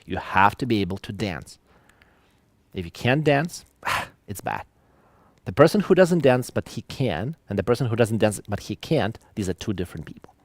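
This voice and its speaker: A man giving an online lecture, talking in an animated way with musing asides and reading examples aloud. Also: fairly low pitch, moderate pace, dry recording.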